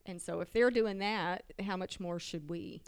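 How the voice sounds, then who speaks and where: A woman's voice: lowish voice, normal speed, clean tone. A woman in a casual Bible discussion podcast, sharing her views in an earnest, reflective way.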